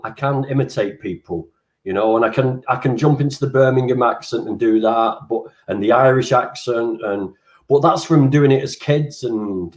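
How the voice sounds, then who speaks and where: A man hosting a casual interview, chatty and animated, casually swearing. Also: medium pitch. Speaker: interviewer, channel host.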